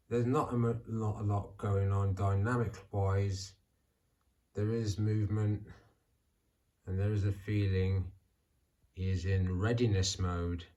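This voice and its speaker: A middle-aged man calmly narrating a vlog as he poses action figures, talking half to himself. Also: low voice. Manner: calm, unhurried, talking to himself. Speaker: toy figure channel host. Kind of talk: casual vlog narration while posing figures.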